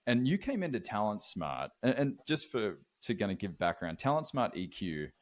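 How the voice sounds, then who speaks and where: An Australian man with a low voice hosts a podcast interview. His manner is relaxed, and he often affirms what his guest says while asking questions. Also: normal speed. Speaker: podcast host. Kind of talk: interview conversation.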